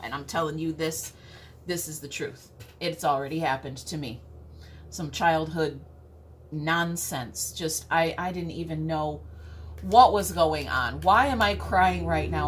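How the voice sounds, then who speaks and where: A woman's voice: sits low, a little hiss or hum. A woman giving a casual tarot reading, chatty and playful, often checking in with "okay?". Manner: chatty, keeps asking "okay?"; playful and earthy, mild swearing. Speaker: tarot reader.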